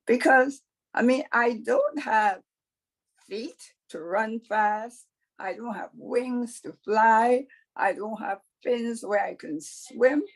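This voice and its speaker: A woman's voice: on the high side, slow, rough recording. A woman storyteller voicing a blind male snake who complains about his lot in a folktale. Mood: complaining. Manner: complaining, self-pitying.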